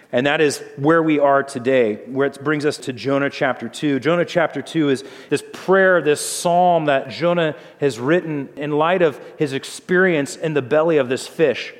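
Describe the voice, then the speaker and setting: A male pastor preaches a sermon in a conversational, storytelling manner. He lets his voice drop for dramatic moments, and a long reverb trails each line, as in a large hall. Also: medium pitch.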